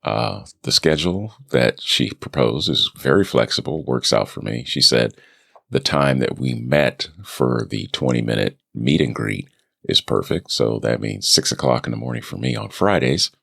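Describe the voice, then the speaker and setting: A man with a very deep, gravelly voice talks through a casual solo podcast update in a relaxed, chatty way. His asides are self-deprecating. The sound is close and dry, from a studio microphone. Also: moderate pace, no echo. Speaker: podcast host.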